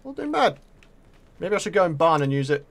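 A man with a British accent commentating live on his own gameplay, excitable and taunting his opponents. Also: a little high, fairly quick. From Britain. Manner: excitable, talks to opponents and viewers. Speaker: gaming video creator.

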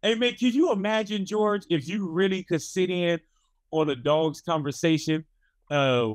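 A man hosting a casual radio interview, reacting quickly and riffing along with his guest. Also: high voice, no room sound. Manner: eager listener, quick reactions and laughs. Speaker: radio host. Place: radio studio.

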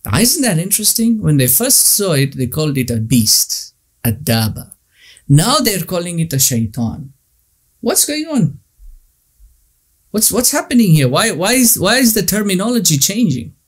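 A man's voice: high voice, sing-song, moderate pace, husky. A man giving a religious lecture, emphatic, repeating points and asking rhetorical questions.

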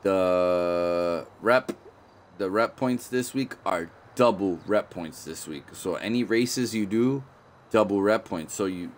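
Speaking slowly in a low voice, this man streams a video game with playful, slangy commentary, repeating himself a lot and apologizing often.

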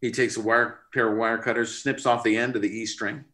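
A middle-aged man, a record producer, telling an animated story in a casual interview. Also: medium pitch, fairly quick. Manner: animated, expressive, pushes to sudden bursts. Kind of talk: storytelling anecdote in casual conversation.

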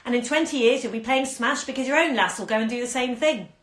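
A woman voicing a greedy old crone who croaks and wheedles, mocking the girl she is cheating. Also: fairly high pitch, fast talker, fairly bright tone, echoey room, pitched above the performer's own voice, close to an everyday voice.

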